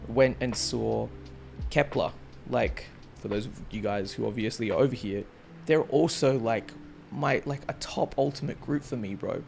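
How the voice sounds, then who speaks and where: An excitable man in his twenties talks through his story in a loose, slangy vlog chat, calling his viewers bro and dude. His mid-pitched voice carries a gravelly, fry-heavy texture. Faint music sits underneath. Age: 20s. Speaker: vlogger. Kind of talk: casual chat.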